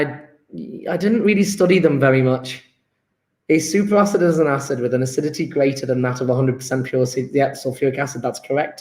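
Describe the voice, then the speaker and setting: A man teaching a live online chemistry lesson, rambling and joking with self-deprecating asides as he answers students' chat. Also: a little high. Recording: echoey room.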